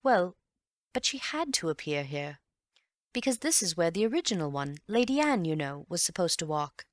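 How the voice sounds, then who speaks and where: A woman reading an audiobook and voicing an eager, excitable young Englishman who is easily puzzled, with quick, breathless exclamations. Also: on the low side, no room sound. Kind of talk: audiobook character voice.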